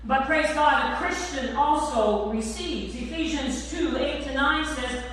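A high-voiced woman pastor preaches slowly and emphatically, drawing out the ends of her lines. She is recorded from a distance in a large church hall, with a long, echoing reverb and faint room noise behind her. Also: fairly bright tone. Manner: slow, emphatic preaching with drawn-out endings. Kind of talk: sermon. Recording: echoey church hall from far off.

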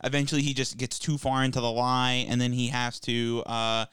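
A young man co-hosting a podcast, telling stories casually and acting out quick bits. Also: mid-range voice, flat delivery, over a noisy crowd. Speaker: podcast co-host. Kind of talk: casual chat.

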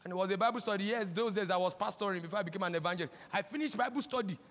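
High-voiced Nigerian preacher, impassioned. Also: male voice, very fast. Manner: impassioned, breaks into shouting. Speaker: pastor. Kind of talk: sermon. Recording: long hall reverb.

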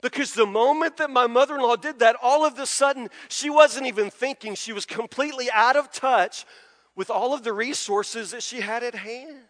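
A man preaches a sermon with dramatic, animated storytelling. His voice sits unusually high. A long reverb rings through the hall. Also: moderate pace. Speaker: pastor.

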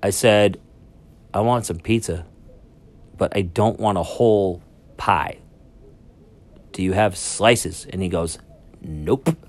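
A man's voice: deep voice, slow, pauses often, a little mellow. A man casually rambling through a solo podcast story from a cruise ship cabin, swearing freely and getting sidetracked. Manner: rambling, profane, easily sidetracked. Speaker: podcast host. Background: public announcements.

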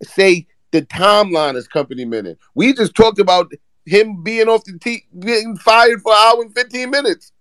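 A man's voice: sits high, lively intonation, moderate pace, fairly bright tone, dry recording. A man hosting a casual live audio chat, exasperated and profane as he keeps the others in line. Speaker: host.

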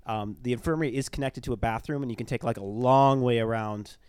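A man's voice: mid-range voice, fast talker, a little mellow, smooth, no room sound. A young man telling a ghost story in casual podcast chat, rambling, with lots of fillers. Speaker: storyteller, former tour guide.

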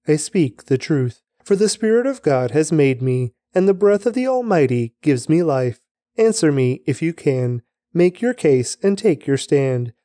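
Guy doing a daily scripture reading, kinda high voice but mellow, slow and steady. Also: no echo. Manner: measured, deliberate reading. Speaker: scripture reader.

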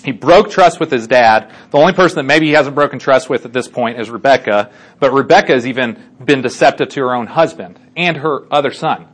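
A man's voice: mid-range voice, a little fast. A man casually retelling a Bible story to a group, chatty, with many fillers and check-ins. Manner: chatty, lots of fillers and restarts, asks listeners for agreement. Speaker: Bible teacher.

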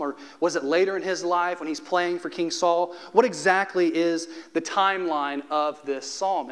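Higher-voiced man preaching a sermon. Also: fairly bright tone. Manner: conversational preaching with humor and slowed emphasis. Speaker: pastor.

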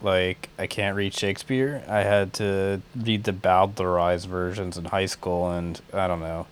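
A man's voice: sits low, steady tone, unhurried, smooth. A man in a casual podcast chat, self-deprecating and swearing freely.

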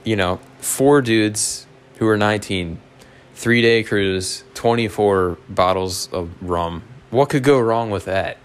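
A man's voice: fairly low pitch, slow, smooth. A man telling a rambling, profane story in a casual, self-mocking way, like a podcast host.

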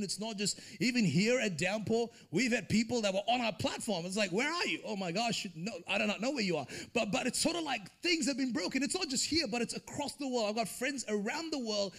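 A male pastor delivers a sermon at a church service, his voice pitched high for a man and textured with gravelly fry. He talks conversationally, dropping into little acted asides before rising to emphatic, near-shouted peaks.

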